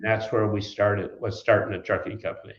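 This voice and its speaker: Fairly quick and on the low side, with little pitch movement, this older man from Wisconsin, USA, recalls his early days as a trucking company founder while guesting in an interview. His folksy telling rambles, with restarted sentences and drifting anecdotes. The recording is a little dull, in an echoey room.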